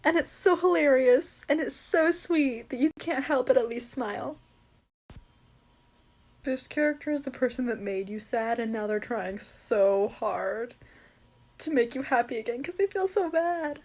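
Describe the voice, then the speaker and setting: Brief: young-sounding woman, high voice, gushing casual fan chatter with squeals. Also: measured pace. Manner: gushing, bursts into excited squeals. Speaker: fan video creator.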